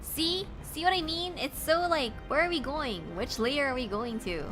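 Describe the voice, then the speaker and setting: A woman's voice: high voice, moderate pace. A woman streaming a game, chatting casually and reacting aloud, her voice worn and strained. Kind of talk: casual gameplay commentary. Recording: game music behind the voice.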